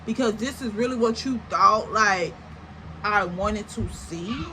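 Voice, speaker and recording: A young woman telling a story in a casual, animated, slangy way, full of exaggerated comparisons. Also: mid-range voice, measured pace, slight background noise, low-quality recording. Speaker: storytime vlogger.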